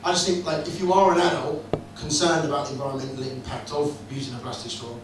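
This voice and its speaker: A man's voice: medium pitch, fairly even intonation, fast. A man performing a stand-up comedy set in a club, telling crude, sweary jokes with a wry storytelling manner. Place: comedy club room, indoors. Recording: echoey club room, distant mic, noisy.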